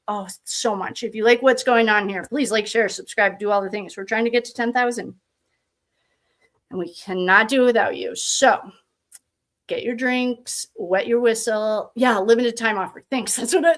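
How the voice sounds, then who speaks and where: A woman hosting a casual livestream, chatting and greeting viewers by reading their comments aloud, often laughing as she talks. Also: mid-range voice. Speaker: livestream host.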